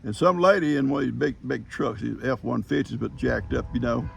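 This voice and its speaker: An older man, chatting as a farm vlogger outdoors on his farm, folksy and quick to chuckle. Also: medium pitch, music in the background. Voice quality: gravelly. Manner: folksy storyteller, chuckles often. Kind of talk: casual rambling chat.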